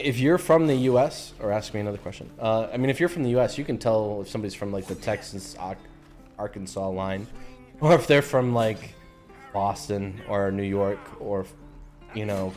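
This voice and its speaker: Casting chatty American streamer, lowish relaxed voice, game music faint behind. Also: male voice. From United States. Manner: laid-back, chatty, slangy. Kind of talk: casual gameplay commentary.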